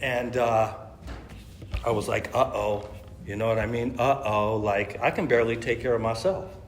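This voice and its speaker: A man's voice: medium pitch, fairly even intonation, moderate pace, a little hiss or hum. A middle-aged man from California telling his recovery story at a meeting, in a casual, slangy way, acting out quoted lines. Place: meeting room. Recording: echoey meeting room, faint ambience.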